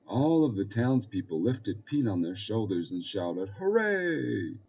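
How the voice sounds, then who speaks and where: Low husky male audiobook narrator. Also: animated, unhurried, warm tone, distant mic, highs cut off. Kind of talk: scripted narration.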